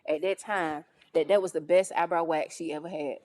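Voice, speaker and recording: A woman from North Carolina, a guest in a casual interview, telling her story with lively, acted-out quotes. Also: sits low, brisk. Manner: animated, acts out quoted voices. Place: studio on location.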